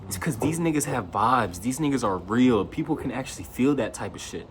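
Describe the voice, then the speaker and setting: A man's voice: mid-range voice, lively intonation, fairly quick, slight background noise. A young man talking straight to camera in a loose, slangy monologue, raising his voice when he quotes his friends. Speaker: vlogger.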